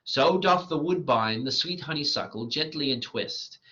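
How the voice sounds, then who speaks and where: A man's voice: on the high side, animated, moderate pace, sharp tone. A man reading the part of a lovestruck fairy queen, in a tender, doting way. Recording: lo-fi dull recording.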